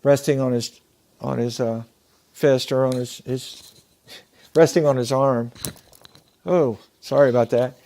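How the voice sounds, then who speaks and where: A man speaking in an earnest, measured way, like a motivational speaker telling a story. His voice sits at an ordinary middle pitch, and he draws out key words for weight. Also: steady tone, dark tone. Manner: measured, earnest, slows down for emphasis. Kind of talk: storytelling talk.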